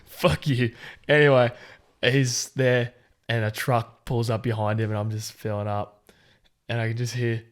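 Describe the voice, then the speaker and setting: A man's voice: medium pitch, flat delivery, measured pace. A young man with an Australian accent, co-hosting a casual podcast and animatedly telling a story, swearing often. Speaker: podcast co-host.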